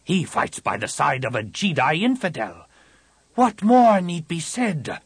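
A man's voice: a little high, very animated, a little slow, slightly rough, no room sound, voice pushed up, exaggerated voice. A man doing a scornful alien priestess. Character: contemptuous alien priestess woman.

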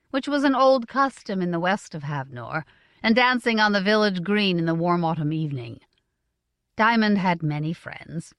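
A woman narrating a fantasy novel as an audiobook, in a smooth, expressive storytelling manner. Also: mid-range voice, dry recording, studio quality.

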